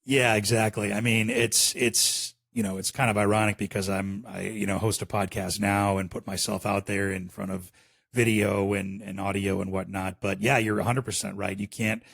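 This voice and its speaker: A Chicago-area man with a Chicago accent chats as a podcast guest, relaxed and rambling with lots of fillers in a casual interview. His voice is lowish, gravelly, and moderately paced, captured in a dry recording.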